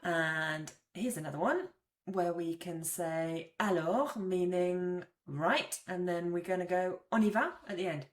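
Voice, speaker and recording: A woman's voice: fairly low pitch, unhurried, reverberant. A woman teaching French phrases in a chatty, explanatory way, acting out examples. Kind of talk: casual video lesson.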